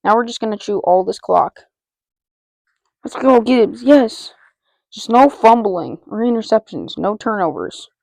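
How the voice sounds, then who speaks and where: A woman giving excitable live commentary on her own football video game, repeating player names and talking to herself as she plays. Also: mid-range voice, unhurried, vocal fry, no room sound. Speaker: gaming channel host.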